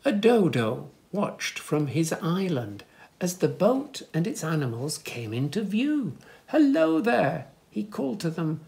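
A man reading a children's picture book aloud, gently pointing things out to young listeners in soft asides and lifting his voice for the animals' lines. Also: on the high side, sing-song, measured pace, vocal fry. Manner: lifts voice for animal speech without distinct characters. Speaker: children's story reader.

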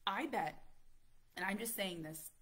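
A woman in her thirties, a parent vlogger telling a story in casual, animated chat, full of fillers and acted-out quotes. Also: medium pitch, unhurried, background noise. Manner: animated, chatty, many fillers, acts out quotes.

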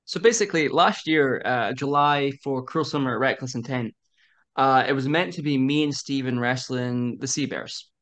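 A man in his twenties, a wrestler guest on a video-call podcast, telling a story in quick animated bursts and laughing often. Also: mid-range voice. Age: 20s. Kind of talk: casual interview chat.

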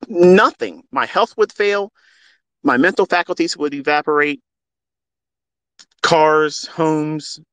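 The recording is dry, and the man's voice sits a little high with a fairly bright tone. He's a middle-aged trading mentor talking into a phone while hosting a live audio space. His unscripted monologue is heartfelt and preachy, passionate and laced with blunt swearing.

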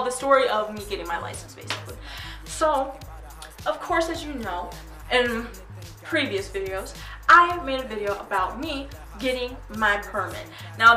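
A teenage girl telling a story to her vlog audience in a chatty, animated way. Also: fairly high pitch. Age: teens. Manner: chatty, animated retelling with quoted voices. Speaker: vlogger. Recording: echoey room, mic at a distance, faint music.

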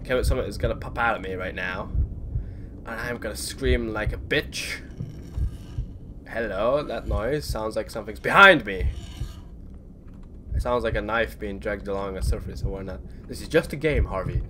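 A man's voice: fairly low pitch, moderate pace, pauses often. A young man playing a horror game at home in his bedroom, commenting nervously and swearing at doors and noises. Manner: jumpy, swearing, talking to the game. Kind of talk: let's play commentary. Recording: clear background game noise.

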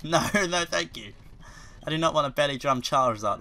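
A man doing video game commentary, excitable and quick to curse, with sudden loud outbursts. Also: fairly low pitch, dry recording. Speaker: let's play commentator.

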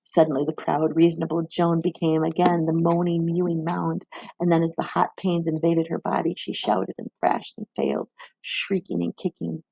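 A woman reads a novel aloud in a measured storybook narration. Her voice has a gravelly, husky texture. The recording is dry and close. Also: on the low side, little pitch movement, warm tone, no echo, dull audio. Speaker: reader.

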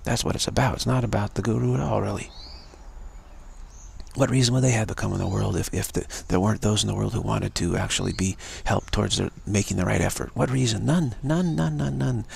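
Gravelly, husky man giving a spiritual talk. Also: lowish voice, steady tone, quick pace. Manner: repeats phrases over and over. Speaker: spiritual teacher. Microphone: livestream mic.

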